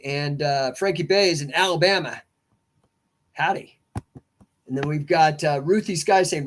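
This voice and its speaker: High-voiced man rambling as a coach. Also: a bit bright. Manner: rambling, acts out client dialogues, emphatic. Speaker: coach and podcast host. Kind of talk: casual livestream monologue.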